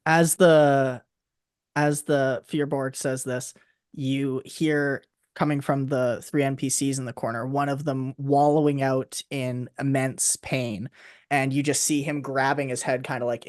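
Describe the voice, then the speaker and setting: A man guides his players through a tabletop game as game master. He narrates scenes in a loose, unhurried way, pausing and restarting. His voice sits in a middle range and sounds dry and close. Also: mid-range voice, no room sound. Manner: relaxed, halting narration with fillers.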